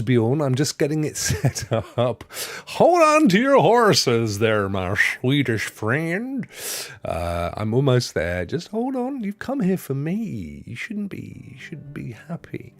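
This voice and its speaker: A man's voice: mid-range voice, big pitch swings, a little slow, mellow. A man hosting a casual live stream, chatting and greeting viewers by name with rambling asides. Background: faint Christmas music.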